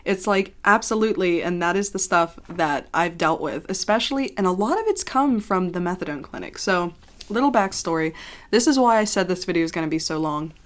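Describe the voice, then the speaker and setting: A woman vlogger in casual confessional chat to the camera, rambling with lots of "like" and casual swearing, by turns animated and subdued. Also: on the low side, a little fast. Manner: expressive, jumps between laughing and subdued.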